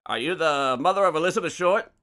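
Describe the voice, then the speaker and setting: A man's voice: a little high, fast, pushed and bright, pitched above the performer's own voice. A man putting on a pushy 1940s male newspaper reporter with a Mid-Atlantic accent, slick and wheedling. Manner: slick, wheedling, then abrupt.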